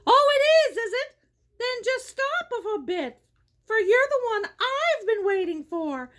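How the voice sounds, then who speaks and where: A woman's voice: extremely high pitch, very animated, a little slow, a bit bright, exaggerated voice. A woman voicing a big, angry male troll in a read-aloud story, bellowing and menacing. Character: big gruff male troll, rage-filled bully.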